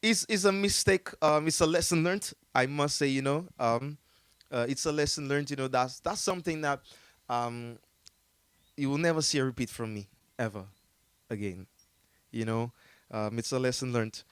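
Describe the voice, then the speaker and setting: A man's voice: mid-range voice, moderate pace, fairly bright tone, smooth, no echo. A man with a Jamaican accent telling a story in a casual interview, rambling with many fillers and frequent laughter. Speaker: artist telling his story as a guest.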